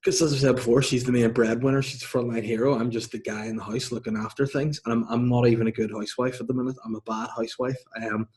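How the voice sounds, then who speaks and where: A man's voice: mid-range voice, little pitch movement, fast talker, hardly any pauses, a little mellow. A man in his thirties hosting a podcast, telling rambling, self-mocking stories in casual chat. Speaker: podcast host.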